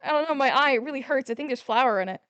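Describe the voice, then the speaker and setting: A woman's voice: sits high, lively intonation, fast, a bit bright, smooth, no echo, lo-fi sound. Woman voicing a bubbly theater girl. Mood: worried. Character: bubbly theatrical young woman, sweet and playful. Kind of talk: visual novel voice acting.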